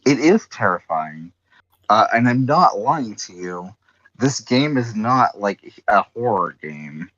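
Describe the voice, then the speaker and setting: Low-voiced rambling man on a stream call. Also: big pitch swings, slow, fairly bright tone, no room sound, dull audio. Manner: rambling, full of "like", teasing. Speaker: co-host on a stream. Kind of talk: casual group chat over voice call.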